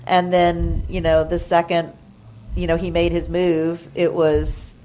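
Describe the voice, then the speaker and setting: Woman, podcast guest, lowish voice, casual storytelling, lots of fillers, acts out quotes. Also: level tone, measured pace, mellow, a little hiss or hum. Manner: chatty, gushing, full of fillers and acted-out quotes. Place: podcast studio.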